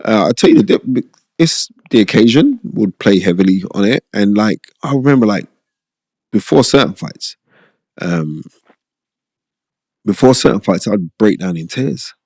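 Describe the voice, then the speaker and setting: A middle-aged man, a podcast guest, telling stories in an animated, rambling, streetwise way with a lot of repetition. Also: fairly low pitch, measured pace, long pauses, no echo, studio quality. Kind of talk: casual storytelling interview. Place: podcast studio.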